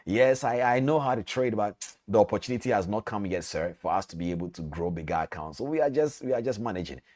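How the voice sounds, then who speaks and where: A man's voice: on the low side, lively intonation, fast, darkish tone, pitched below the performer's own voice, lightly acted. A man doing a humble, hesitant student. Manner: hesitant, apologetic. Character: humble, hesitant young male student trader.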